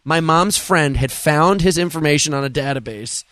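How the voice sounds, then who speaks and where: A man guesting on a podcast, telling stories in an animated, casual way and swearing freely. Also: a little high, normal speed, no echo. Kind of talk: casual chat.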